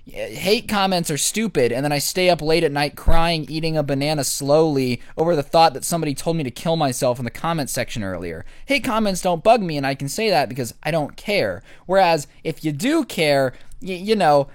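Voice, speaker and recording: A young man telling a comic story to camera, sarcastic, with crude deadpan asides. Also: a little high, brisk, few pauses, no echo, studio quality. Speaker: vlogger.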